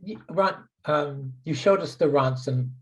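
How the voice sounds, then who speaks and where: A man's voice: on the high side, measured pace, low-quality recording. Guy moderating a panel, kinda hesitant, ums and restarts. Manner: hesitant, many fillers. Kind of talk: panel discussion.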